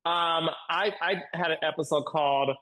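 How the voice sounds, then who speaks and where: A man talking as a guest on a podcast interview, emphatic and animated, repeating points for stress. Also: fairly high pitch, normal speed, rough recording. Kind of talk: casual interview chat.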